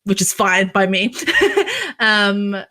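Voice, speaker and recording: A woman's voice: mid-range voice, level tone, slow, bright, forceful tone, a little hiss or hum. A young woman chatting casually in an interview, talking freely with lots of fillers and some swearing. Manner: chatty, filler-heavy and profane. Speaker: streamer being interviewed.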